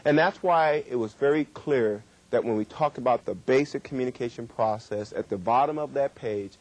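A middle-aged man giving a workshop lecture on communication, with emphatic, drawn-out stresses. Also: medium pitch, a little mellow, no room sound. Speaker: communication trainer.

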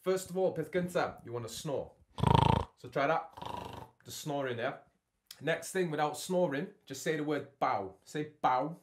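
A man's voice: fairly high pitch, normal speed, heavy background noise. A man teaching a beatbox workshop from his home studio. He keeps checking in with his learners with "yeah?" and "okay?". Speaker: beatbox tutor.

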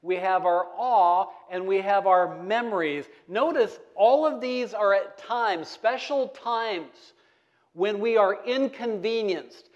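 A man's voice: sits high, muffled recording. A middle-aged man preaching a sermon in a church, asking the congregation questions and waiting for their answers. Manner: call-and-response preaching, asks the congregation questions. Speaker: pastor. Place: church sanctuary.

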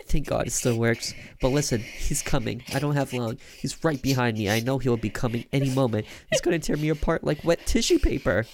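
A man's voice: medium pitch, lively intonation, brisk, few pauses, slight background noise, pitched above the performer's own voice, close to an everyday voice. A man voicing a panicked teenage girl pleading for help over a payphone, frantic and breathless. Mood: frightened.

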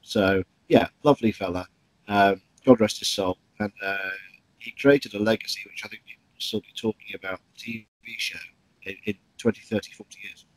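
A man's voice: on the low side, fairly even intonation, a little fast, no echo, poor audio. A man, a stage actor recalling stories in an interview, chatty with many ums and restarts. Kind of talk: interview anecdotes.

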